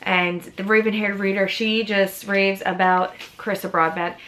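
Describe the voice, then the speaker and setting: A woman in her thirties with a New York accent chats in a casual book vlog. Her voice is bright and a little edgy, at a middle pitch for a woman. She rambles, gushes and laughs often as she talks. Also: level tone, moderate pace. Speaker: book vlogger. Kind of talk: casual chat.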